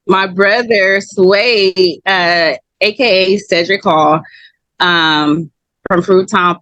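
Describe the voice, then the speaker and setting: Woman telling her story, lively quotes. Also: lowish voice, dry recording, highs cut off. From Long Beach, California. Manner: animated, acts out quoted voices. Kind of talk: candid personal storytelling.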